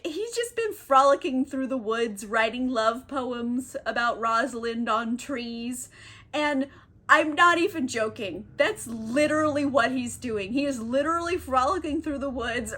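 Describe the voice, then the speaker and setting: A young woman with a high voice gives a rambling, comedic recap full of slang. She giggles a lot as she goes. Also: fairly bright tone. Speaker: book youtuber. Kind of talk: comedic casual book recap.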